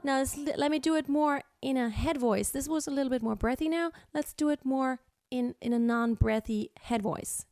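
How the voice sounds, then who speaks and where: A woman's voice: high voice, moderate pace, few pauses, a little mellow, no room sound, studio quality, faint music behind. A woman teaching singing, explaining technique and breaking into short sung examples. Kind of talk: vocal lesson with sung demonstrations.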